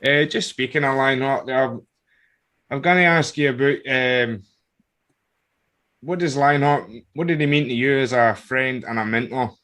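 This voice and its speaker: A Scottish man hosts a relaxed podcast chat. He keeps his replies short and easygoing, dropping in questions between his guest's stories. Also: mid-range voice, measured pace. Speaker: podcast host. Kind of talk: casual interview chat.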